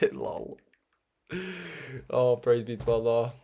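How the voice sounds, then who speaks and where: A young man hosting a religious broadcast, talking in a rambling, animated way with frequent laughs. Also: medium pitch, extremely slow. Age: young adult. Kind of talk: casual spoken monologue.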